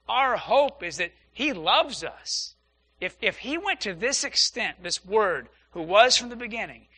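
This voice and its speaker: Bright, high-voiced man preaching a sermon. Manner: earnest, repeats phrases for emphasis. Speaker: pastor. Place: church.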